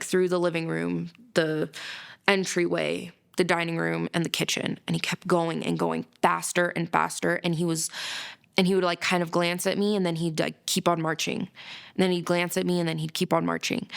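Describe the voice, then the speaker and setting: A woman in a documentary interview tells a story vividly, acting out what was said along the way. Her voice is smooth and lowish, with a gravelly fry at the edges. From United States. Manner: quick, vivid storytelling with acted-out quotes. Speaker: interviewee recounting a frightening night.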